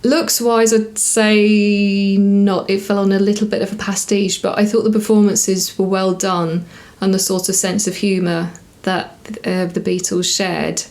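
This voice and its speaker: A woman in a relaxed vlog review, speaking at a middle pitch. She rambles and corrects herself as she goes, with plenty of small fillers. It comes across as easy, unscripted chat straight to the viewer. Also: a little slow. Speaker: TV episode reviewer. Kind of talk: casual review to camera.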